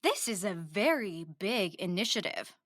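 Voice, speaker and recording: A woman's voice: mid-range voice, sing-song, measured pace, a bit bright, no room sound, studio quality. A woman playing a bubbly young true-crime podcast host with a perky, sing-song delivery in a comedic audio drama. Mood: chatty.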